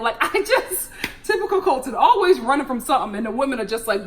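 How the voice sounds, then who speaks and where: Animated chatty woman with swooping pitch. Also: fast, slight background noise. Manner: animated, laughing, swoops high for emphasis. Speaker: TV recap vlogger. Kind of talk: casual chatty TV recap.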